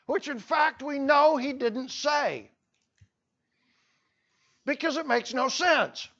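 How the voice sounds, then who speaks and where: A man's voice: very high voice, slow, fairly bright tone, highs cut off. A man teaching a history lesson to a class, telling the story with playful asides. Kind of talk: classroom lecture.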